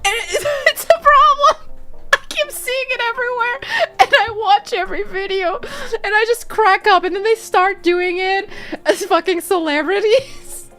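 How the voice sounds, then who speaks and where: A woman's voice: very high-pitched, normal speed, pushed and bright. A woman streaming live and chatting casually with viewers; she giggles constantly and swears freely.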